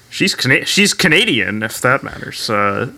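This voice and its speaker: Chatty male co-host with a sharp, bright voice; loose, laughing delivery. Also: mid-range voice, big pitch swings, slow. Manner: chatty, laughs often, trails off mid-sentence. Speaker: podcast co-host. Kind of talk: casual chat.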